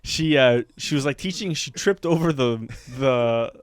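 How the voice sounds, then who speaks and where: A man's voice: mid-range voice, unhurried, clean tone, no echo. A young man co-hosting a comedy podcast, telling stories with acted-out quotes and plenty of swearing. He speaks English with a Canadian accent. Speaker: podcast co-host. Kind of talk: casual comedy podcast chat.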